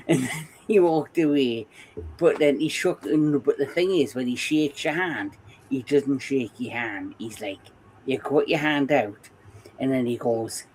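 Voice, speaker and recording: A Geordie man in his forties spins a rambling anecdote at an unhurried, drawn-out pace, laughing along as he goes. A faint hiss of noise sits under his voice. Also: mid-range voice. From England. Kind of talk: casual chat.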